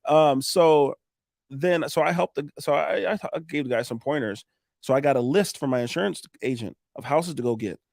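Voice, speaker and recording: A man, a roofing contractor, telling animated stories on a podcast, acting out the dialogue and swearing now and then. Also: on the high side, normal speed, vocal fry, dry recording, clean studio sound. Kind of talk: casual storytelling on a podcast.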